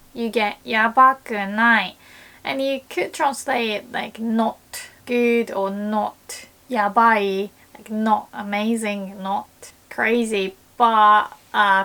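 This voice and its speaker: A woman with a Japanese accent, a native Japanese speaker, giving a casual language lesson and playfully acting out example phrases with big jumps in pitch. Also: a bit bright.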